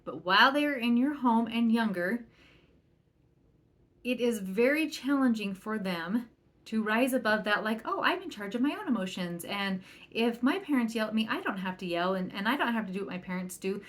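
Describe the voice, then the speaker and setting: A woman's voice: a little high, normal speed. A woman parenting coach talking through a solo podcast episode, earnest and chatty, acting out the lines of the people she quotes. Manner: earnest, chatty, quotes others in lively bursts. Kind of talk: casual solo podcast talk.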